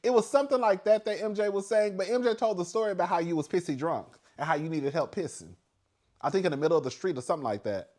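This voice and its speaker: Sassy animated man recapping reality TV. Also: sits high, fast. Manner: animated, sassy, frequent laughs and swearing. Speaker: reality TV commentator.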